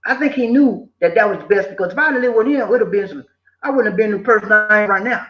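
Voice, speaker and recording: Older guy, high pitched, preachy life-advice vlogger, echoey room, muffled lo-fi. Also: fast. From southern United States. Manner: preachy, animated, repeats himself, slips in quoted voices. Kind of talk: casual motivational talk. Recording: echoey room, dull lo-fi sound.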